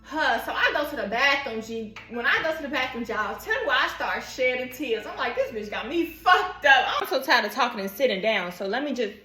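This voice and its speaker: A young woman with a bright, fairly high voice tells a story, cursing freely and acting out the other people's lines. The room is echoey, and faint music plays underneath. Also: brisk, few pauses. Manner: animated, profane, acts out quoted dialogue. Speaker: vlogger. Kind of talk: casual storytime.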